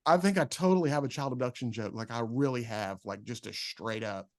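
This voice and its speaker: A man's voice: medium pitch, fairly quick, dry recording, clean studio sound. A man who is a comedian, telling stories in a casual podcast chat and acting out the people he quotes. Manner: animated storyteller, acts out quotes. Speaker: comedian guest.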